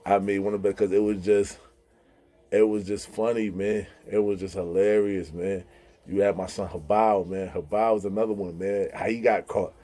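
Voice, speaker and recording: Casual storyteller, male, animated, laughs often, mellow dark voice. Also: lowish voice, normal speed. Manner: animated, laughing, mimics others' voices in quotes. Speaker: vlogger telling prison stories.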